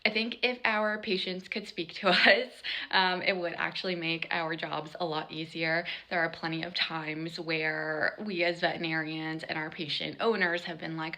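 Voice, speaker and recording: A woman's voice: lowish voice, fairly even intonation, moderate pace, hardly any pauses, pushed and bright. A woman veterinarian speaking in a friendly recorded clip.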